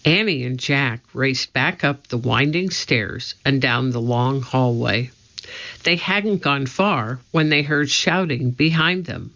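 Slow, gravelly storybook narrator. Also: mid-range voice, expressive, pushed and bright. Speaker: audiobook reader. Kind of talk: children's book narration. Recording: muffled lo-fi recording.

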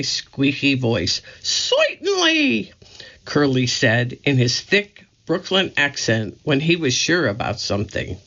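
A woman working as an audio reader for a library, narrating a book aloud slowly and clearly. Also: very deep voice, fairly bright tone. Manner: measured and clearly enunciated. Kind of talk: slow, careful read-aloud narration. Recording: dull lo-fi audio.

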